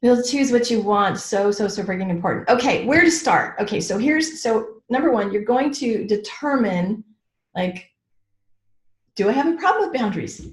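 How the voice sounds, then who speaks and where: A woman's voice: fairly high pitch, expressive, moderate pace. A middle-aged woman mentoring a group on a training call, talking in a frank, chatty way with lots of "like"s and "right?" check-ins. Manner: frank, with mild swearing. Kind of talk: teaching a group call, casual and personal. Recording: roomy echo.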